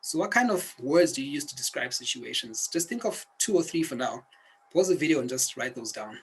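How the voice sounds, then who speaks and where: A man's voice: medium pitch, expressive, brisk, slightly rough, low-quality recording. A man teaching a self-help video lesson, speaking earnestly and directly to the viewer like a coach. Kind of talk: instructional video talk.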